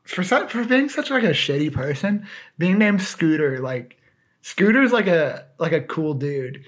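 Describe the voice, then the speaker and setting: A man's voice: a little high, sing-song, measured pace. A man co-hosting a podcast in casual chat, joking and rambling with lots of fillers. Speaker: podcast co-host.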